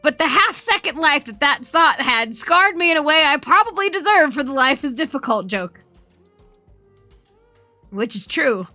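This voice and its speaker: A woman streamer chatting casually with her viewers, her voice high and bright. She swears freely and laughs through her story. The sound is dry and close, with faint music underneath. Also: no room sound. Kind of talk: casual chat.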